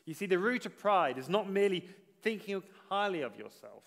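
High-voiced man preaching in a reverberant hall. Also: sing-song, fairly quick, vocal fry, fairly bright tone. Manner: earnest, builds to emphatic repetition then drops low. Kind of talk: sermon.

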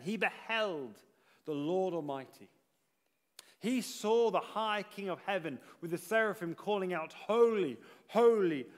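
A man preaching a sermon in an earnest manner, rising to emphatic repetition and then dropping low. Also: big-room sound.

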